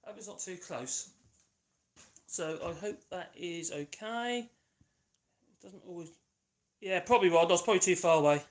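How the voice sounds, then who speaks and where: A man's voice: high-pitched, moderate pace, long pauses, far from the mic. Rambling, jokey man in an echoey workshop. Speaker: vlogger. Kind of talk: casual chat while woodworking. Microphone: radio mic.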